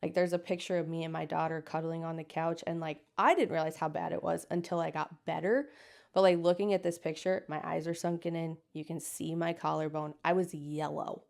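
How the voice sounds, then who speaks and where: A woman's voice: sits low, a little fast, creaky. A woman in her thirties from the United States, telling a personal story as an interview guest and acting out the people she quotes. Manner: lively storyteller, acts out quoted voices.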